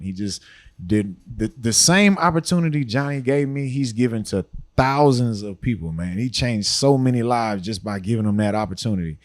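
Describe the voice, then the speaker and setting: A man, a podcast guest telling long, relaxed stories full of "you know" asides. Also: lowish voice. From Houston, Texas. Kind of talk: storytelling interview talk.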